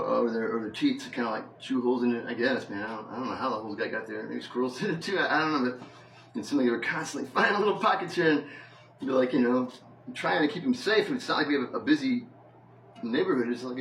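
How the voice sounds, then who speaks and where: A man's voice: medium pitch, fast, a bit bright, recorded from a distance, a little hiss or hum. Man, casual rambling talk, roomy echo, off-mic. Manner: loose and rambling, with many fillers and laughs. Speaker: vlogger. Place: house with the door open.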